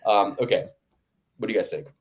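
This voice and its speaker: A man talks fight picks on a casual podcast. He riffs quickly, with crude jokes and playful teasing. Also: lowish voice, rough recording. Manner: joking, crude, fast riffing. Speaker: podcast co-host.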